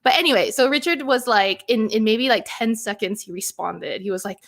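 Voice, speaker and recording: A woman co-hosting a tech podcast in casual chat, talking with quick asides and plenty of fillers. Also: a little high, creaky, a bit bright.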